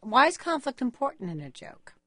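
A woman hosting a public radio interview, asking playful, lively questions. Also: sits high, fairly quick, no echo, clean studio sound.

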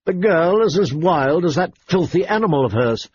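A man's voice: on the high side, expressive, moderate pace, a little mellow, pitched above the performer's own voice, lightly acted. A man voicing a cold, haughty queen who speaks with disdain and command, in a dull, faintly noisy recording. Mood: disdainful.

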